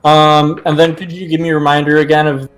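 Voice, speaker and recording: Guy running a d and d game, kinda high voice, swears a lot, says uh a lot. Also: flat delivery, a bit bright, soft background music, rough recording. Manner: casual, swears freely, fills pauses with "uh" and "um". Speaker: game master. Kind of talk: running a tabletop game over voice chat.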